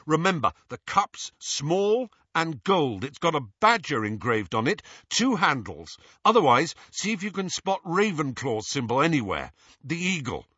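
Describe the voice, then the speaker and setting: A man's voice: on the high side, big pitch swings, unhurried, bright, forceful tone, husky, dry recording, lo-fi sound, full character voice. A man voicing a determined young male wizard who gives urgent orders. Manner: urgent, commanding.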